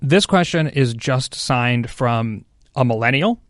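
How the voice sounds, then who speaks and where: A male podcast host reading out listener questions in a casual chat, brisk and keeping things moving. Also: mid-range voice, animated, fairly bright tone, no room sound, clean studio sound.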